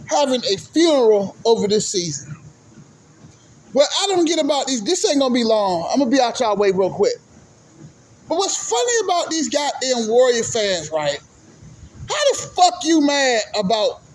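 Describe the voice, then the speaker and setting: A man ranting casually about basketball fans in a profane, animated way, often tagging his points with "right?". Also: very high-pitched. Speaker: vlogger, sports commentator. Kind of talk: casual ranting sports talk. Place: sitting at home doing laundry.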